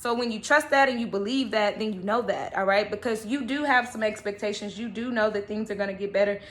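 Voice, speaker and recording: A woman's voice: medium pitch, fairly quick. A woman giving a casual, chatty tarot reading, often checking in with "okay" and "all right". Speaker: tarot reader.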